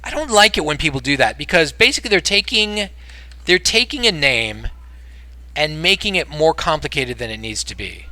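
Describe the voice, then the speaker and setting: Lively bright-voiced male streamer. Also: on the high side, normal speed, no room sound. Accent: American. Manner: rambling, swings between mumbling and loud exasperated outbursts. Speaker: game streamer. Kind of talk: casual stream chat.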